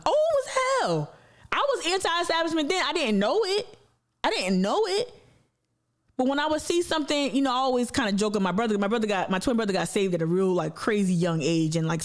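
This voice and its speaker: A woman hosting an activist panel discussion, talking in an animated, slangy way and swearing freely. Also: fairly high pitch. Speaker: activist show host.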